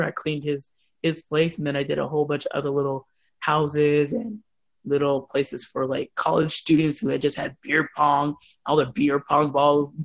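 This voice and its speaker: A woman telling stories in a chatty, animated way as an interview guest. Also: low voice. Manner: chatty, animated, quick asides. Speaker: guest, entrepreneur. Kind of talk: casual storytelling.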